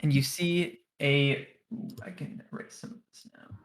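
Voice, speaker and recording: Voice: medium pitch, fairly even intonation, moderate pace, a little hiss or hum. Hesitant game master narrating a tabletop game. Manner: hesitant, full of fillers and restarts.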